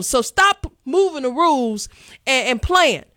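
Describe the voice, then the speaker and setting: A woman's voice: high voice, lively intonation, unhurried, sharp tone, no echo, studio quality. A woman hosting a call-in talk radio show, blunt and sassy, pressing her callers hard.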